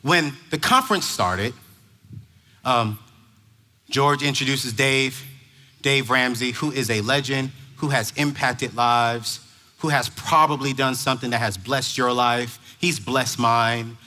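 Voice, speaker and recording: A man giving an emphatic, preachy stage talk to parents at a large conference, shouting at the high points. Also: slow. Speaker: motivational speaker. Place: large conference hall before a crowd.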